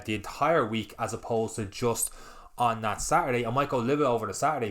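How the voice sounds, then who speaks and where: Guy, lowish voice, rambling podcast chat, acts out little back-and-forths. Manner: rambling, animated, acts out little quoted exchanges. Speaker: podcast host.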